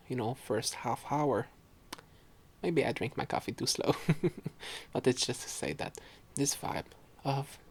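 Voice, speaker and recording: Gravelly young man. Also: medium pitch, fairly bright tone. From Quebec, Canada. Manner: rambling, giggly, self-correcting. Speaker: podcast host and student. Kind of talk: casual solo chat.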